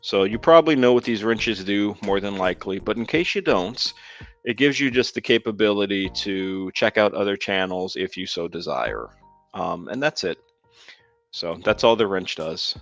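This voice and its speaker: A man's voice: fairly low pitch, expressive, moderate pace, a bit bright. A man hosting a casual live stream, rambling with lots of ums while reading viewers' comments aloud. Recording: dull lo-fi sound with faint music.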